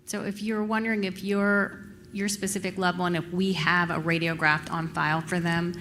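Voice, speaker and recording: A woman's voice: lowish voice, level tone, moderate pace, a bit bright, a little hiss or hum. A woman on the agency staff answering a question at a public briefing in a helpful, reassuring way.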